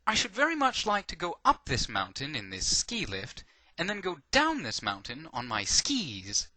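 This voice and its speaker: A man doing a loud, eccentric novelty-seeker. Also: medium pitch, wildly swooping pitch, normal speed, no echo, heavily acted. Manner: loud, overly formal statements.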